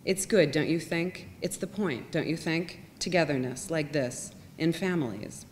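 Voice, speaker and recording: A woman reader voicing a wistful, emotional father in her own low voice, speaking earnestly to a stranger. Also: unhurried, a little mellow. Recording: long reverb, faint rumble.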